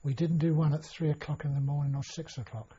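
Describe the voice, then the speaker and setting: A man's voice: a little high, fairly even intonation, fast, mellow, husky. An older man recalling his past in an oral history interview, rambling with many restarts and fillers. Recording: dull lo-fi recording.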